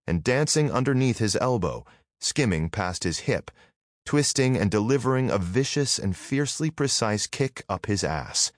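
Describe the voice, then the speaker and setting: A male audiobook narrator with a low voice and a lively, rolling pitch. He reads in a vivid storytelling style. The recording is close and dry, with no room sound. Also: no room sound. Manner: expressive storytelling. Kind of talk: scripted narration.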